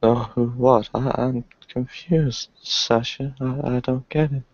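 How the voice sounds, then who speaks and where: A man playing a tabletop role-playing game, speaking slowly and hesitantly, often sounding unsure. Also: medium pitch, steady tone, darkish tone, no echo, lo-fi sound. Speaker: player.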